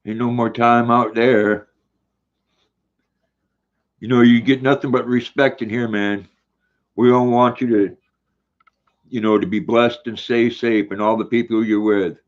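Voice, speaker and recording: A man's voice: mid-range voice, fairly even intonation, a little slow, long pauses. An older man hosting a casual livestream, reading viewers' comments aloud in a folksy way while eating. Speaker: livestream host. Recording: dull lo-fi stream audio.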